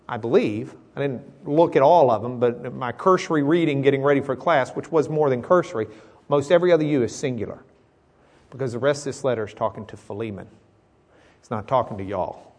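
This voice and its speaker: A middle-aged man with a Southern American accent, teaching a Bible class in a folksy, joking way and reading verses slowly. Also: medium pitch. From Southern United States.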